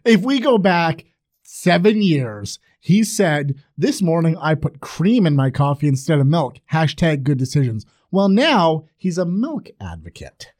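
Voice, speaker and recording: Young male co-host, bit higher voice, bouncy intonation, jokey. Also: very animated, unhurried, darkish tone. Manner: joking, laughing, swearing. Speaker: podcast co-host. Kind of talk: casual chat.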